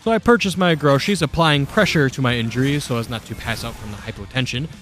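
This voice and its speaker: A young man narrating an absurd comedic story in a deadpan, matter-of-fact way. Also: mid-range voice, quick pace, faint music behind.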